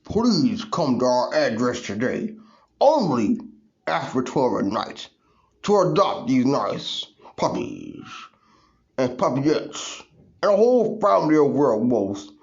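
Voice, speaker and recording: A man voicing a friendly male werewolf salesman who makes a rambling pitch broken by howls. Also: very animated, slow, gravelly, full character voice. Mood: salesy. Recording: dull lo-fi recording.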